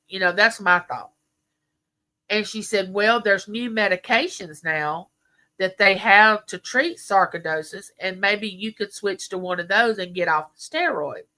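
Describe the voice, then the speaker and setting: A woman's voice: medium pitch, a little slow, sharp tone. A middle-aged woman, chatting with viewers on a livestream and telling stories full of quoted dialogue. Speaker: livestream host. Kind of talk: casual chat with viewers.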